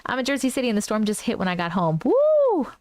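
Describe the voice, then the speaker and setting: At home, a woman hosts a casual livestream where she reads viewer stories and comments aloud, getting spooked easily and laughing often. Her mid-range voice comes rapid-fire on a dry recording.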